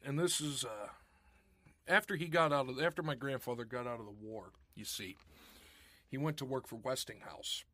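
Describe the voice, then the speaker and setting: A man in casual podcast chat, rambling from one tangent to the next and cracking corny puns. His voice sits at an ordinary middle pitch. The sound is dry and close, with no room echo. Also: normal speed, pushed and bright. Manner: rambling, jokey, laughs at his own puns. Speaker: podcast co-host.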